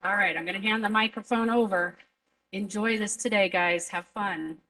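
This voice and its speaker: A woman's voice: mid-range voice, steady tone, moderate pace, pushed and bright, distant mic, low-quality recording. Emotional woman principal giving a speech. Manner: earnest, motivational, emotional. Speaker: school principal. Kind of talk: graduation speech. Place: school graduation ceremony.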